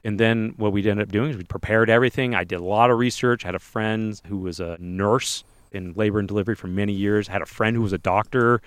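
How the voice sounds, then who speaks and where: A man talking at a quick clip with a slightly low voice, recorded dry and close. He is telling a personal story on a podcast and slips into animated voices when he quotes people. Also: clean tone, dry recording. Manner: animated, acts out others' lines in voices. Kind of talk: casual interview storytelling.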